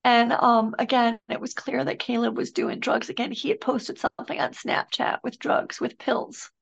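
Podcast guest: middle-aged woman, earnest and halting, raspy-edged high voice, muffled remote recording. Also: fairly even intonation. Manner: earnest, halting, emotional recounting. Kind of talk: personal storytelling in a conversation.

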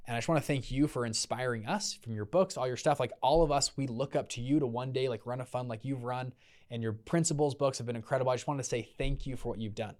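A man's voice: medium pitch, fast. A young man hosting a podcast, telling a story casually and animatedly, acting out the voices of the people in it. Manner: animated, acts out quoted voices. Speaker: podcast host.

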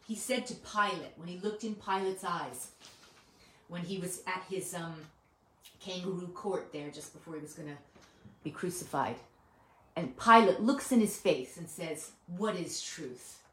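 A woman's voice: lowish voice, a little slow, fairly bright tone. A woman giving an earnest, conversational sermon, asking her listeners one rhetorical question after another. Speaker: Bible teacher. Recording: echoey room, mic at a distance.

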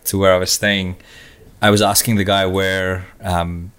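Lower-voiced man in casual podcast chat. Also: unhurried, smooth. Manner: animated storyteller, imitates accents. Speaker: podcast co-host.

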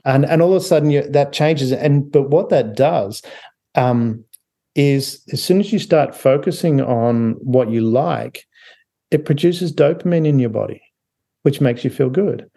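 A man's voice: medium pitch, a little slow, vocal fry, warm tone. A man speaking as an author guest on a podcast, chatty, often laughing and restarting his sentences. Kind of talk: casual interview talk.

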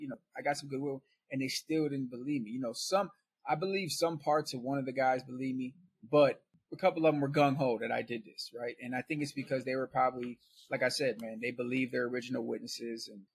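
A man's voice: mid-range voice, breathy edge. A man guest on a podcast, telling his story in a casual, conversational way and checking in with "right?".

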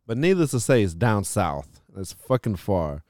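A man's voice: lowish voice, measured pace, dry recording, studio quality. A man hosting a podcast, telling a long story in casual chat, swearing often and filling his talk with "like". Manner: profane, animated storytelling with frequent "like". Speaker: podcast host.

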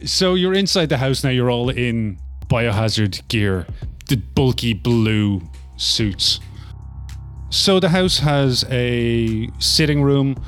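A man narrating as game master of a tabletop game, relaxed and full of fillers. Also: mid-range voice, takes it slowly, smooth, faint music behind.

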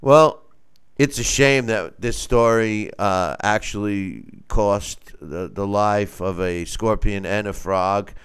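A man hosting a casual sports talk show, speaking animatedly and wryly, with halting fillers. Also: on the low side, clean tone. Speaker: host. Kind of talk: casual sports radio chat.

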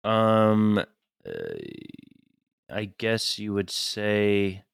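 A man with a lowish, smooth voice, co-hosting a podcast as a learner. He answers questions in a tentative, hesitant way. The sound is dry and close. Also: little pitch movement, extremely slow, no room sound. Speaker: co-host learning Spanish. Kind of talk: casual podcast chat.

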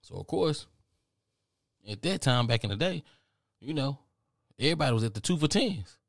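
A man hosting a podcast, telling a rambling, profane story in a casual, animated way. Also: mid-range voice, moderate pace, gravelly, no room sound, studio quality. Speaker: podcast host.

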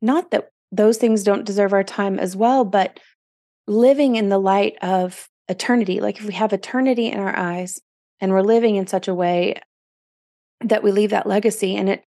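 A woman's voice: medium pitch, fairly even intonation, moderate pace, warm tone, dry recording. Earnest woman podcast host, dry sound. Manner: earnest, emotional, reflective. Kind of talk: casual interview chat.

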